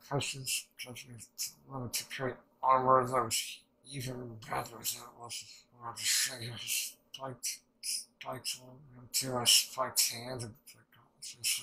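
Man, reaction host, bright tense voice, rambling, excitable, swears a lot. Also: mid-range voice, measured pace, poor audio. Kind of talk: casual reaction and episode recap.

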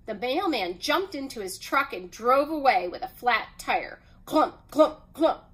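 A woman reading a children's picture book aloud as storyteller, in an expressive way. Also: a little high, low-quality recording. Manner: expressive, unhurried.

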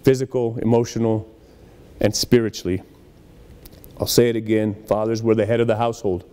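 A man's voice: on the low side, flat delivery, fairly quick, dark tone, smooth, big-room sound. A man preaching a conversational sermon in a church, acting out little dialogues as he goes. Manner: conversational preaching with acted-out quotes. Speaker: pastor.

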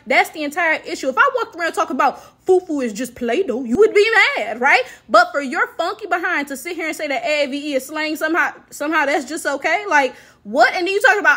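Woman ranting on her vlog, high bright voice, sarcastic and fed up. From United States. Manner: sarcastic, exasperated, with many rhetorical "right?" checks. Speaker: vlogger. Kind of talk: commentary rant.

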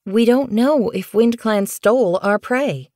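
A woman's voice: a little high, measured pace, darkish tone, no echo, studio quality, voice pushed up, natural voice. A woman voicing an eager, curious young female kitten in a storybook. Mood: earnest.

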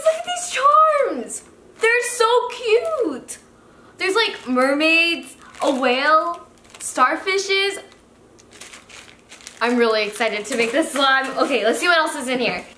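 A young woman with a high, lively voice rattles through an unboxing vlog, gasping and gushing with plenty of "like" fillers. Her pitch jumps all over as she talks. The room is echoey, with a faint hiss underneath. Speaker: slime YouTuber host.

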